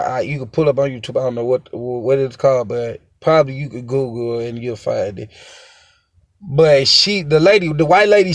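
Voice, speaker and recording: A man's voice: fairly high pitch, darkish tone, dry recording, studio quality. A young man, giving a rambling, repetitive and emphatic casual monologue as a dog owner, swearing now and then. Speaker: dog owner sharing opinions.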